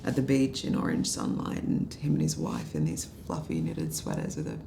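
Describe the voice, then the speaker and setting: A woman's voice: a bass voice, expressive, moderate pace, gravelly, dark tone, reverberant, a little hiss or hum, heavily acted. An actress playing a drunk Australian political media adviser, bitter and sarcastic as she rambles through a story. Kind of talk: film drama dialogue.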